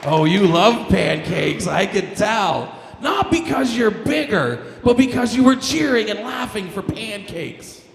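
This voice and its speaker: A Canadian man doing a crude, loud stand-up set, his voice a bit hoarse. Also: high voice, animated, a little slow, few pauses, some chatter behind, slight background noise. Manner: brash, crude, loud punchlines. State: slightly hoarse. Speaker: stand-up comedian. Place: comedy stage in a club. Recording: echoey club room with long reverb.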